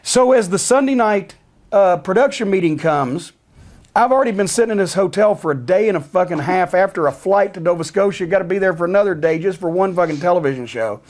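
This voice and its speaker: A middle-aged man with a notably high voice spins a profane anecdote for an interviewer. He is heated and sardonic, and swears freely as he tells the tale. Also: expressive, brisk, a little mellow. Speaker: interview guest.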